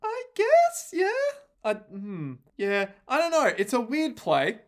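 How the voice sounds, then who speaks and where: Dry-joking man, slightly high voice. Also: sing-song, a little slow, fairly bright tone. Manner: dry jokes, laughs along. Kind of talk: casual chat recapping an anime.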